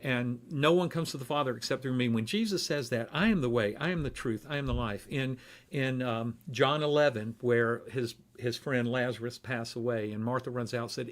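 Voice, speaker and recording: A man giving a relaxed, conversational devotional talk in a church, with frequent pauses and fillers. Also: mid-range voice.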